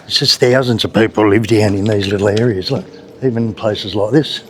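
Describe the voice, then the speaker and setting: A man's voice: on the low side, brisk. A man with an Australian accent, talking casually and bluntly as he walks city back streets for a travel vlog, swearing now and then. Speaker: travel vlogger. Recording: loud street traffic and motorbikes behind. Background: traffic and motorbikes.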